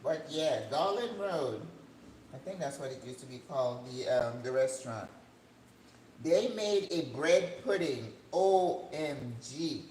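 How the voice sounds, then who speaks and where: An older woman hosting a cooking channel, chatting casually as she cooks in her home kitchen, rambling and breaking into excited high notes. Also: unhurried. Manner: chatty, rambling, with sudden excited jumps in pitch. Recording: echoey room with faint background hum.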